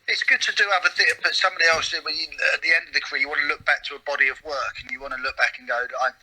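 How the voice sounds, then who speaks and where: A middle-aged comedian telling stories in a casual interview, reflective and full of hesitant restarts. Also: male voice, on the high side, steady tone, very fast, pushed and bright, low-quality recording. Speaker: comedian and comedy writer guest.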